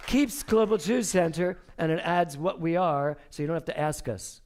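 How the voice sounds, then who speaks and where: A man's voice: fairly high pitch, normal speed, a little mellow, slight background noise. A man leading a church service as spiritual director, talking casually from the pulpit in a chatty, playful way and laughing often. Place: church sanctuary.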